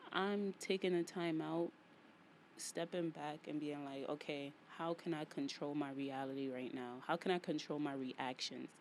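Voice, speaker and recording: A woman with a thick New York accent talks straight to her listeners, casual and full of slang. She keeps repeating lines for emphasis and shifts easily between playful jokes and heated venting. A faint hiss sits under her voice. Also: sits low. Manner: animated, playful, slangy, vents with emphatic repetition. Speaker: podcast host. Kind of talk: casual solo podcast monologue.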